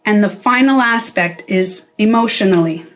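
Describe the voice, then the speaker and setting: A woman's voice: medium pitch, moderate pace, soft background music. A middle-aged woman, a former spa owner, talking straight to camera in a casual vlog. She is blunt, swears freely and acts out the voices she quotes.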